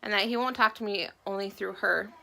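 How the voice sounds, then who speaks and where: A young woman talks quietly and haltingly, stopping often and fighting back tears. Her voice is mid-pitched and slips into a gravelly fry. She speaks to the camera about her own life. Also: a little hiss or hum. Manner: soft, halting, emotional, with many pauses and fillers. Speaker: woman sharing her story. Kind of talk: personal testimony to camera.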